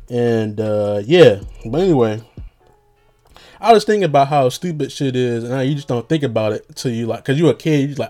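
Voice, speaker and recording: A man's voice: mid-range voice, lively intonation, brisk, dark tone, faint music behind. A young man rambling casually as a podcast host, loose and slangy with lots of fillers and jokes.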